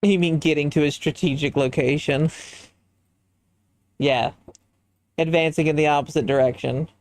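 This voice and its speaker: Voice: mid-range voice, fairly even intonation, moderate pace, darkish tone, no room sound. A livestreamer chatting casually while designing a character, thinking aloud and answering chat in a musing way.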